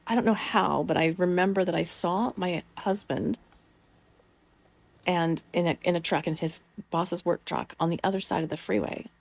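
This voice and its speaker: A woman's voice: on the low side, normal speed, creaky, dry recording. A middle-aged woman telling a personal story in a rambling, casual way, with many fillers and the odd swear word.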